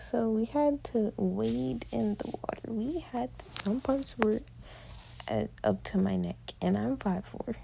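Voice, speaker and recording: A woman's voice: on the high side, creaky, warm tone, slight background noise, rough recording. An eighteen-year-old woman narrating a casual travel vlog in a chatty, slangy storytelling way. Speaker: vlogger.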